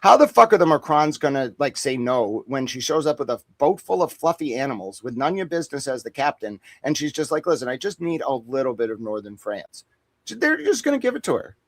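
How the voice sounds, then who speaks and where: A man talking in a casual livestream, his pitch sitting mid-range and his voice dry and close to the mic. He rambles through boastful, profane jokes, piling one riff on the next. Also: very animated, a little fast, dry recording. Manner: boastful, profane, joking riffs. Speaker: guest on a boxing talk stream.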